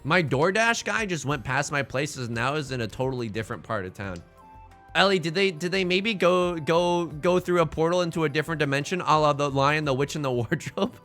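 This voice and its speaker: Lively, bright-voiced male streamer. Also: fairly high pitch, brisk, faint music behind. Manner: rambling, jokey, animated asides. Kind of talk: casual stream chat while playing mahjong.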